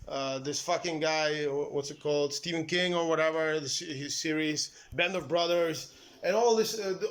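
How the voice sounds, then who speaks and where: A man ranting casually to the camera like a political commentator, cursing and restarting his sentences with many fillers. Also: a little high. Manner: profane, heated, trailing restarts and fillers. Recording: echoey room with faint background noise.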